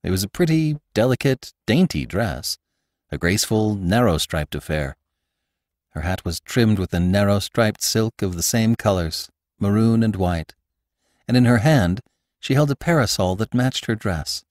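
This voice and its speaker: Expressive low-voiced male storyteller. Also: normal speed, no echo. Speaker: audiobook narrator and podcast host. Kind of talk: scripted narration.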